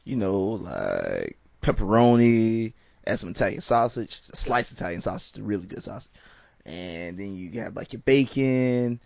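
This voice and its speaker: A man jokes around in casual conversation, his gravelly voice leaping from low to high with playful, exaggerated reactions. The sound is dry, close and slightly muffled. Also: very animated, unhurried, a little mellow, no room sound. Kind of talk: casual chat.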